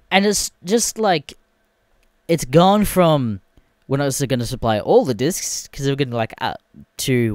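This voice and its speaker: A man's voice: medium pitch, big pitch swings, normal speed, no room sound, clean studio sound. A man, hosting a podcast alone and ranting in a casual, profane, exasperated way. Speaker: podcast host. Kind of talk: casual solo rant.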